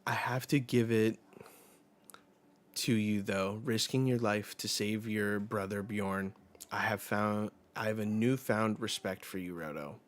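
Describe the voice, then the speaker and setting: A man's voice: lowish voice, fairly even intonation, measured pace. A man hosting a live manga chapter reaction, talking bluntly and with a lot of swearing while summarizing the panels aloud. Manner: blunt and profane.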